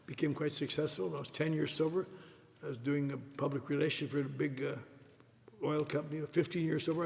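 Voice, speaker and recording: An older man telling his recovery story at a meeting in a wry, self-mocking storytelling manner, with an audience laughing in a large hall. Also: fairly high pitch. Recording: echoey hall recording with faint noise.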